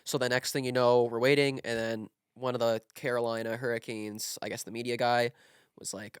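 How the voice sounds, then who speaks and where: A man's voice: medium pitch, a little fast, smooth, no echo, clean studio sound. A young man telling a casual story with lots of fillers, acting out quotes. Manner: animated, filler-heavy, acts out quotes. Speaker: podcast guest, content creator.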